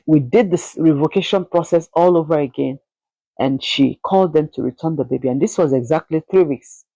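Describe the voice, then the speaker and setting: Woman vlogger, low and mellow, emotional storyteller who stumbles and repeats herself. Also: no room sound, rough recording. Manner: emotional, halting, repeats words. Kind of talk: personal storytelling.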